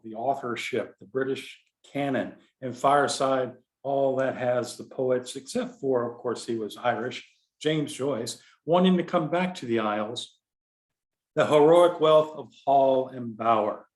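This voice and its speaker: A man's voice: mid-range voice, a little slow, reverberant. A man with a Texan accent giving an informal poetry lecture, talking conversationally, digressing and correcting himself with fillers. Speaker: contest director teaching poetry explication.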